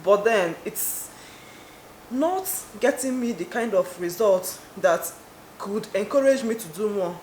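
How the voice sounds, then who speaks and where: Brief: young woman vlogger, middle pitch, casual and wry, recorded in an echoey room. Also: lively intonation, slow pace, darkish tone. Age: young adult. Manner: rambling, wry, trailing off with filler "like". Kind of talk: casual talk to camera. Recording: echoey room with faint noise.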